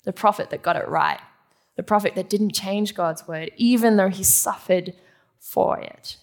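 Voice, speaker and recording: A woman's voice: medium pitch, measured pace, vocal fry. A woman preaching a sermon to a live audience in a teaching manner, asking the room questions and answering them.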